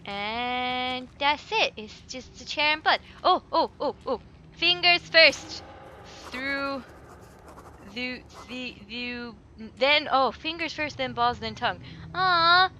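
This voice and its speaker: A woman's voice: high voice, animated, takes it slowly, sharp tone, a little hiss or hum. A woman commentating a game, jittery and swearing, muttering to herself, her microphone flipped up above her head. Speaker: let's play host. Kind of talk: gameplay commentary. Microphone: headset mic flipped up above head.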